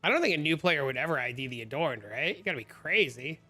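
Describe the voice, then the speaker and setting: Male live streamer, slightly high and bright, chatty, answers chat and tells animated stories at his desk mic. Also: quick pace. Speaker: game streamer.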